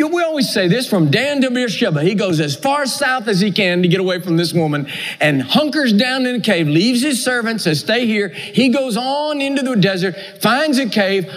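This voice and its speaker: High, animated male preacher in a hall. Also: moderate pace. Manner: emphatic, repetitive cadence. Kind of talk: sermon. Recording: echoey hall.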